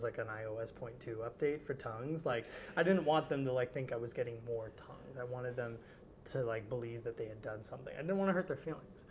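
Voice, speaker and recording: A man, an interview guest, tells a personal story in an animated, rambling way, full of "like" and acted-out quotes. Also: mid-range voice, a little hiss or hum. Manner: animated, rambling, heavy use of "like".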